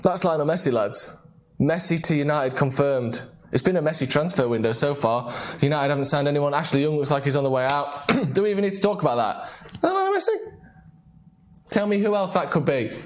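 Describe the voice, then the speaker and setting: A man's voice: a little high, brisk. A young man hosting a casual live football show, joking and rambling playfully. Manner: jokey, playful, rambling banter. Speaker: host. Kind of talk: casual live-stream chat.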